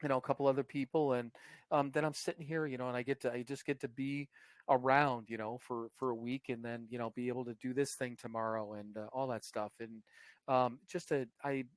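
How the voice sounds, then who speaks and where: A man co-hosting a podcast in loose, casual chat, rambling and swearing as he goes. His voice sits in a middle pitch. The sound is dry and close, with no room echo. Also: fairly even intonation, a little fast. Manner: rambling, profane, full of fillers and restarts. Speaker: podcast co-host.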